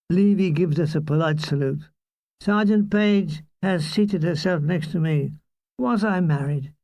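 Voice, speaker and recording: A man's voice: fairly high pitch, moderate pace, a little mellow, no echo. A man narrating a comic wartime memoir in a dry, wry storytelling manner. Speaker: audiobook reader.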